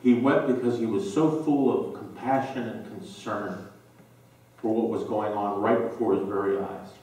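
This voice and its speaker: A male pastor preaching a sermon, slow and emphatic with dramatic pauses, recorded in a church sanctuary. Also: fairly low pitch, fairly even intonation, mellow. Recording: very echoey church from a distance.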